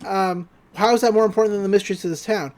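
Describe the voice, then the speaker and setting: A podcast host voicing a frustrated, desperate boy, talking fast and pleading. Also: mid-range voice, steady tone, a little mellow, lightly acted. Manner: rushed, pleading.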